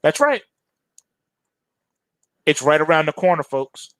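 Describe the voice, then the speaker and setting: A man's voice: a little high, big pitch swings, takes it slowly, fairly bright tone, dry recording. Urgent lecturing male show host. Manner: urgent, lecturing, mocking rhetorical asides. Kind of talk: warning monologue.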